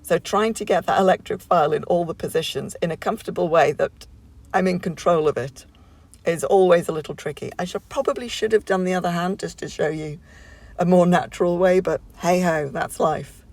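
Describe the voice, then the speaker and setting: At home, a woman records a casual voiceover for a nail tutorial, her rather low voice gravelly and touched with fry, a little mellow. She chatters briskly and rambles, with plenty of ums and restarts, and the recording is dry.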